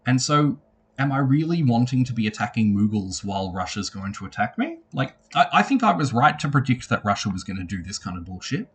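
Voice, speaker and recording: A man's voice: mid-range voice, very animated, brisk. A man on a headset microphone giving a casual spoken recap of his strategy game, swearing freely and retelling his conversations with growing emphasis.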